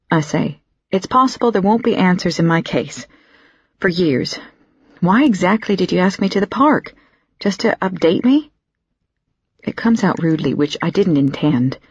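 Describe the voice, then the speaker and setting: A woman giving first-person audiobook narration in a weary, quiet manner. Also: sits low, breathy edge, no echo. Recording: dull, dry studio recording.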